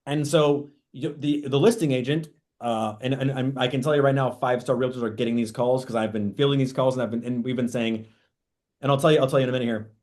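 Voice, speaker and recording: A man teaching a real estate training session in an animated, storytelling way. His voice sits at a middle pitch, and he often slips into short acted-out quotes. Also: fast talker. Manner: animated, acts out quoted dialogue. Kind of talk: training talk.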